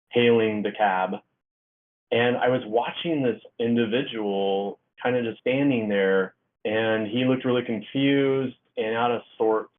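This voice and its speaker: A man, a guest author, telling a personal story in a casual interview, rambling with restarts and acting out the dialogue. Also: fairly low pitch. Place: Oregon. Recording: tinny phone-like line.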